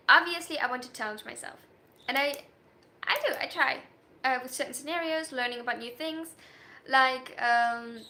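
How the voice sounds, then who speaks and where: A woman livestreaming as a story writer, chatting casually with her viewers in an animated way and laughing often. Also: fairly high pitch. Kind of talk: casual livestream chat, reacting to viewers' messages.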